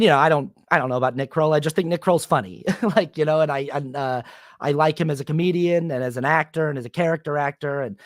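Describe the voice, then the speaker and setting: A young man talking casually on his solo podcast, rambling with many fillers and restarts, and turning animated when he quotes people. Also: on the high side, no echo, clean studio sound. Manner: animated when quoting others. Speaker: podcast host.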